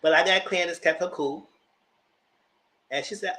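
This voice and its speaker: A man's voice: high-pitched, normal speed, pauses often, pushed and bright. A man giving a casual, sassy live review of reality TV, slangy and acting out the cast's lines as he goes. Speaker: TV reality show commentator.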